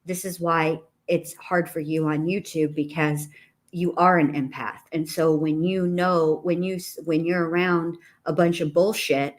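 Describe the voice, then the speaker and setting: A woman's voice: deep voice, fairly even intonation, a little slow. A woman who hosts a YouTube channel, talking in a reflective, rambling way with frequent restarts. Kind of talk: casual conversation.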